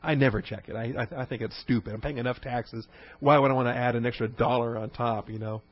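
A man's voice: medium pitch, fairly even intonation, fast. Man teaching a Bible lesson. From Texas. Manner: explains Greek terms with frequent fillers and check-ins. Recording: dry, slightly dull recording.

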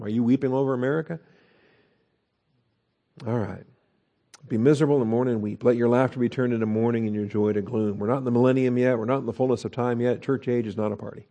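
Male Bible teacher, mellow tone, conversational expository delivery with fillers and rhetorical questions. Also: medium pitch, vocal fry. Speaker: pastor teaching Bible study.

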